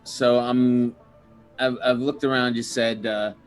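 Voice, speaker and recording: A man's voice: mid-range voice, flat delivery, slow pace, clean tone, soft background music. A man playing a tabletop game, talking casually and stumbling over his words. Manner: hesitant, stumbling. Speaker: player.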